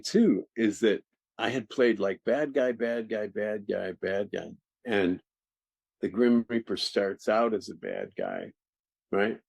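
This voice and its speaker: An older man, an actor, telling stories from his career in an interview, animated and laughing often. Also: fairly low pitch, vocal fry, slightly rough, no echo. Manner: animated, laughing, restarts sentences. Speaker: actor guest. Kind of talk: interview storytelling.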